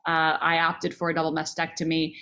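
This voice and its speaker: A woman's voice: low-pitched, monotone, fairly quick, bright, forceful tone. A woman in her forties telling her own story as a podcast guest, earnest and emotional, often restarting her phrases. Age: 40s. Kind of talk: personal storytelling in a podcast interview.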